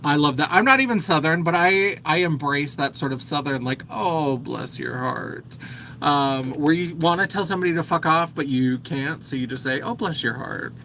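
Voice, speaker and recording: A man's voice: a little high, fairly quick, hardly any pauses, pushed and bright, a little hiss or hum, low-quality recording. A man in his thirties hosting a casual makeup livestream, chatting and reading viewer comments aloud. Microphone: phone.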